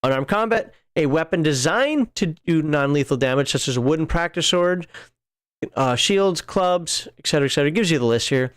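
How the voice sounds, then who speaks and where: Chatty man with a smooth, higher voice. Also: animated, fairly quick. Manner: rambling, reads rules aloud with chatty asides. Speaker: podcast host. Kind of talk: casual rules walkthrough.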